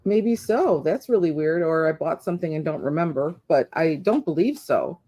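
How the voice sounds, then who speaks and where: A woman with a somewhat low voice co-hosts a relaxed crafting livestream from a video call. She is curious and asks question after question. Her tone stays easygoing and conversational. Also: normal speed. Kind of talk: casual chat.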